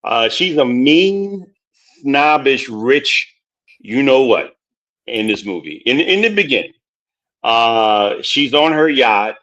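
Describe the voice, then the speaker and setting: A man's voice: medium pitch, sing-song, slow, a bit bright. A man hosting a casual movie chat who rambles, repeats words and laughs often. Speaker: podcast host. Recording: dull lo-fi sound.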